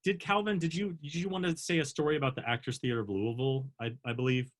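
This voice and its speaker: A man's voice: mid-range voice, fairly even intonation, fast talker. A man co-hosting a casual online chat over a video call, talking in a chatty, giggly way with many fillers. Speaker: co-host.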